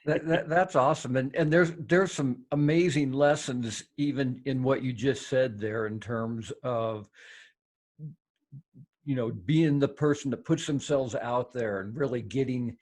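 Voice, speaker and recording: A man hosting a podcast interview, speaking in a friendly, halting way with repeated words. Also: mid-range voice, a little mellow. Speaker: podcast host. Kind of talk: casual interview.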